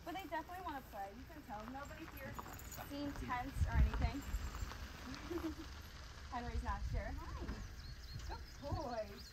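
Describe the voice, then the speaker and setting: A woman with a high voice works as a dog trainer, explaining each step of the session in a calm, clear voice. She praises the dogs often and warmly. The recording has clear background noise from outdoors. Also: moderate pace, pauses often. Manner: warm, encouraging praise mixed with calm explanation.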